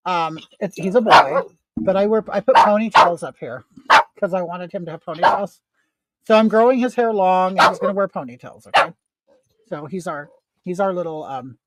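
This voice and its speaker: A man's voice: high-pitched, lively intonation, moderate pace, no room sound. Chatty man in his fifties, dry sound. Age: 50s. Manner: chatty and rambling, reading viewer comments aloud. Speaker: makeup livestream host. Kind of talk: casual livestream chat.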